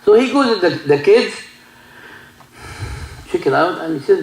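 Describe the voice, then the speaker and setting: A man with an Egyptian Arabic accent, a native Arabic speaker, preaching a sermon and telling stories in halting English full of restarts. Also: on the high side, very animated, reverberant, low-quality recording. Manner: broken English, many restarts, mixes in Arabic. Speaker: sheikh giving a talk. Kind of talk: sermon with storytelling.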